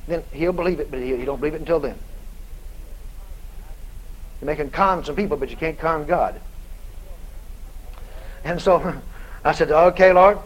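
A man preaching a sermon through a dramatic story, animated and bursting into shouts. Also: on the high side, rough recording.

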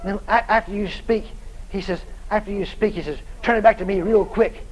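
A man's voice: sits high, fairly quick, slight background noise, low-quality recording. A male preacher telling a story in a sermon, acting out both sides of the conversation and often laughing as he tells it.

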